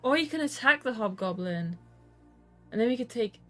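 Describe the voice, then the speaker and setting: A woman's voice: a little high, lively intonation, normal speed, pushed and bright, faint music behind. A woman casually playing through a gamebook, reading narration and choices aloud with chatty asides. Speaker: gamebook reader and co-player.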